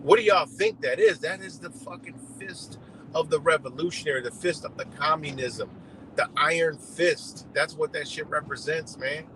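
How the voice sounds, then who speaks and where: A livestream host, this man delivers a heated, rambling political rant packed with swearing while standing outdoors beside a road. His voice is a little high, bright and forceful at a normal speed, and the low-quality recording has some hiss or hum.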